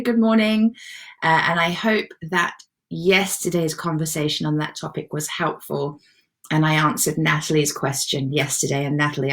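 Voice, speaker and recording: A woman with a low-pitched voice hosts a live online self-love session. She talks in a relaxed, chatty way, greeting viewers and answering their comments with encouragement. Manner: warm, encouraging, reads viewer comments aloud. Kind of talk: casual live-stream chat.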